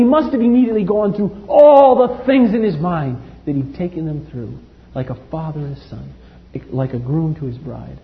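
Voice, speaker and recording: Male preacher, impassioned sermon, lively raised pitch, dull hall recording. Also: normal speed, gravelly. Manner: impassioned, swings from loud to hushed.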